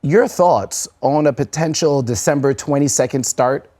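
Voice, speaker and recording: A man's voice: mid-range voice, normal speed, dark tone. An American man co-hosting a podcast, steering the chat with questions and segment setups. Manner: leads with questions, sets up segments. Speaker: podcast co-host. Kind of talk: casual interview chat.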